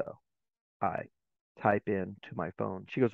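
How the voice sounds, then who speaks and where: A middle-aged man joins a podcast interview as a guest educator, telling stories with animated energy and slipping into the voices of people in them. His sound comes through a narrow, phone-like remote line, dry and close with no room around it. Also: sits low, moderate pace, creaky, pauses often, dry recording.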